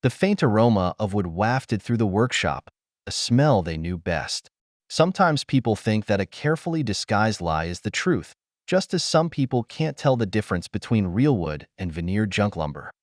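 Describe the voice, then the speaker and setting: A man narrating a dramatic story in an even, unhurried way. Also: fairly low pitch, dry recording, studio quality.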